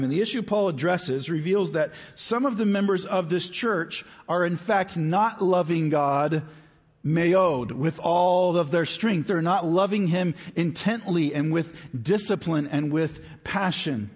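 Male pastor, sermon delivery, husky tone, emphatic and conversational, long church reverb. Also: a little high. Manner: conversational, emphatic, stretches key words slowly. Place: church sanctuary.

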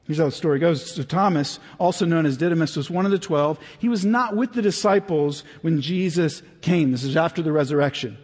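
A man preaching a sermon as pastor, conversational and animated, dropping to a hush at times. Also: fairly high pitch, fairly quick, few pauses, husky. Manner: conversational, swings between animated and hushed. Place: church sanctuary. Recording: reverberant hall.

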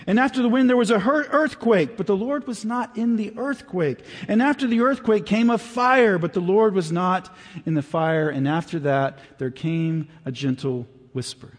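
A man preaching a sermon as pastor, conversational and animated, dropping to a hush at times. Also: sits high, moderate pace. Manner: conversational, swings between animated and hushed. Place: church sanctuary. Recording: reverberant hall.

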